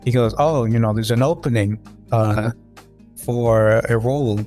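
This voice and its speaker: A man's voice: mid-range voice, unhurried, a little mellow, soft background music. A man on a podcast, telling a story loosely with many fillers and restarts. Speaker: podcast guest. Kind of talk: casual podcast chat.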